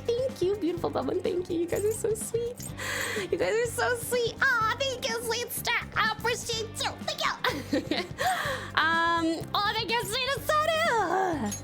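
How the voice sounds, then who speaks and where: A woman streamer chatting casually with her live chat, gushing and giggly as she thanks viewers. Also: extremely high pitch. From Tasmania, Australia.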